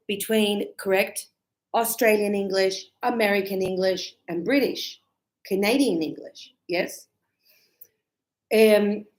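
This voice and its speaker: A woman teaching a relaxed spoken lesson, chatty and animated as she tells stories and laughs often. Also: mid-range voice. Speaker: English teacher. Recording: echoey room.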